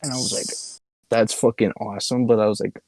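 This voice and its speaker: This young man talks fast in a lowish, darkish voice with fairly even intonation. As a podcast co-host, he goes on with a long, rambling story in easygoing chat, full of curses and frequent laughs. There's no room sound on the podcast mic.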